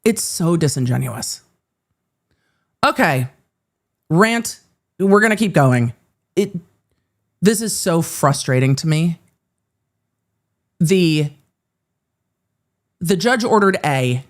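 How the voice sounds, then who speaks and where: A woman's voice: sits low, animated, slow pace, pauses often. A woman hosting a live-streamed legal commentary show, reading court filings aloud and breaking in with sarcastic, exasperated asides.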